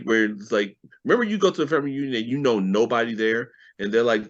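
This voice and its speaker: A man's voice: mid-range voice, animated, fast, highs cut off. A man co-hosting a podcast, chatting casually about a TV episode with jokey asides and mock quotes. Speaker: podcast co-host. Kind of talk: casual TV recap chat.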